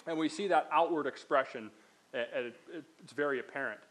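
A man's voice: on the high side, a little fast, a bit bright, rough recording. A conversational man preaching a sermon. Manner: conversational, explains step by step with asides. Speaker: pastor.

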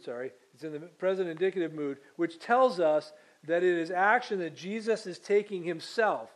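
A man pastor preaching a conversational sermon, pausing to quiz the congregation and correcting himself as he goes. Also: a little high. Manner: self-correcting, many fillers and restarts.

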